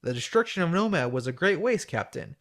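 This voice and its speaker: A man's voice: a little high, big pitch swings, brisk, fairly bright tone. Precise logical officer, cool; man reads it. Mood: measured.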